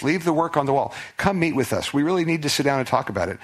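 A man, a pastor, preaching a conversational expository sermon, animated and asking his listeners questions as he reads and explains the text. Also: fairly high pitch, quick pace.

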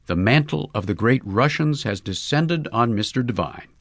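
A man's voice: mid-range voice, expressive, moderate pace, no echo. A man voicing a proud, ambitious young woman who speaks in a prim, superior way. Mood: scornful.

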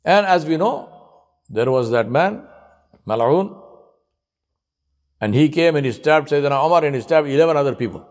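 Speaking at a normal pace with lively intonation and long pauses, a man preaches like a storyteller. He asks rhetorical questions and weaves in Arabic honorifics, going soft and low whenever he says them.

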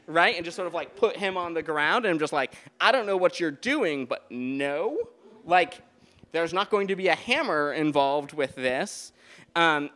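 A man tells a rambling, animated story live on stage, backing up and restarting as he goes. His voice sits a little high and sounds smooth and resonant. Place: live show at a beer garden venue.

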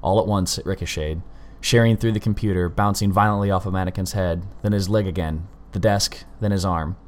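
Very deep-voiced male narrator. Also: steady tone, fairly quick. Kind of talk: scripted narration of a story.

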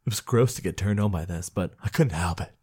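A woman's voice: rumbling low, fairly quick, a little mellow, husky. A woman co-hosting a comedy podcast, reading a raunchy book aloud in a playful, dramatic way. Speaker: podcast co-host.

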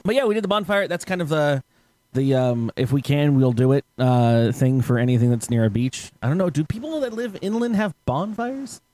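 A man's voice: fairly high pitch, expressive, fairly quick, dark tone. A man hosting a podcast, telling stories in casual chat, rambling, swearing and laughing often. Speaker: podcast host.

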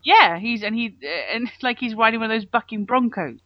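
A man co-hosting a casual movie podcast from bed, laughing often and joking, saying he is high. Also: lively intonation, dry recording. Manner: laughing, joking, quick asides. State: says he is high. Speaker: podcast co-host. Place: in bed at home. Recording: dull lo-fi remote audio.

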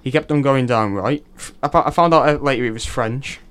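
A young man hosting a student radio show, telling stories in an excitable, rambling way. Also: mid-range voice, brisk, smooth. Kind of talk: casual chat.

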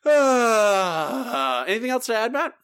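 A man rants through a casual podcast chat, exasperated and wound up. His pitch swings widely as he talks, leaping high and dropping low. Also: normal speed. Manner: exasperated, ranting, animated. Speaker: podcast co-host.

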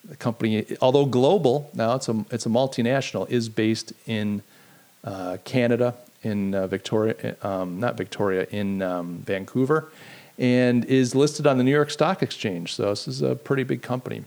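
A man's voice: medium pitch, moderate pace, vocal fry, darkish tone. A middle-aged man hosting a live-streamed podcast, chatting casually, rambling and poking fun at himself while answering his live chat. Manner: rambling, self-deprecating, talks to live chat. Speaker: podcast host.

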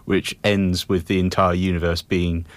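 Brief: low-voiced male panelist, keen expert, dry studio sound, restarts sentences. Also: flat delivery, normal speed, dry recording. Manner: enthusiastic, knowledgeable, trails off mid-thought. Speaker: film show panelist. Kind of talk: casual studio discussion.

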